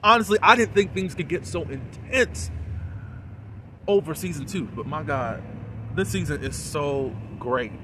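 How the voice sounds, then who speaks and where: A man giving a casual, animated recap and review of a TV episode, full of fillers and quoted lines. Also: fairly high pitch, measured pace, background noise.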